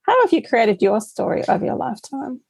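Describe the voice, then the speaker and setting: A woman hosting a podcast interview, asking gentle, affirming questions. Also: on the high side, big pitch swings, fairly quick, creaky, a little hiss or hum, poor audio. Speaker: podcast host.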